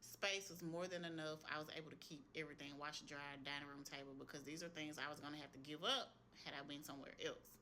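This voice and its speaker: Low-voiced woman sharing a faith story. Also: fairly even intonation, fast, few pauses, sharp tone, slight background noise. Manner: casual, talks straight to viewers; earnest, retells what she heard in prayer. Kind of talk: personal testimony vlog.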